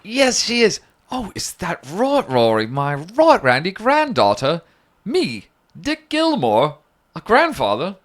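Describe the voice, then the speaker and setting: A man's voice: high voice, wildly swooping pitch, slow pace, voice pushed up, heavily acted. A man putting on the voice of a pompous, posh old grandfather for a comedy bit.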